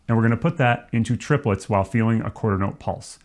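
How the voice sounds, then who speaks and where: A man teaching trombone, explaining swing feel in a relaxed, demonstrative way. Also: on the low side, a little fast, hardly any pauses. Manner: relaxed, demonstrative, counts off and sings rhythm syllables. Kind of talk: music lesson.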